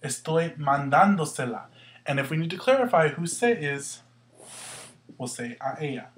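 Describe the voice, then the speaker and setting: A man's voice: a little high, big pitch swings, normal speed. A man teaching a Spanish grammar lesson, explaining patiently step by step and asking questions as he goes.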